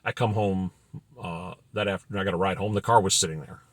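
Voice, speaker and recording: Middle-aged guy rambling thru wry work stories, low voice, dry close sound. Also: steady tone, fast, dry recording. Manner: wry, rambling, digressive storytelling. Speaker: former pilot telling stories. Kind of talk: casual anecdotal monologue.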